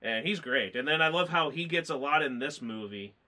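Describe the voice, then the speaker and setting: A man's voice: a little high, animated, a little fast, pushed and bright. A man chatting casually as a movie reviewer, rambling and emotional, choked up and tearful as he talks. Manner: rambling, emotional, lots of fillers. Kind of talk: casual chat.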